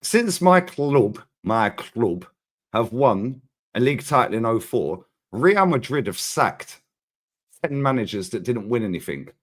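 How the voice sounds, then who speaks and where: Man, lively pitch, slangy, sweary, casual football chat. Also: measured pace. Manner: animated, swearing, street slang. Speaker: co-host, Arsenal fan.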